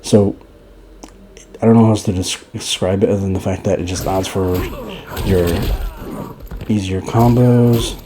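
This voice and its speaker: His deep, steady voice moves at normal speed with frequent pauses as he narrates a fighting-game guide. This young creator is loose and rambling, a bit out of breath, restarting often and leaning on fillers. The recording is very noisy.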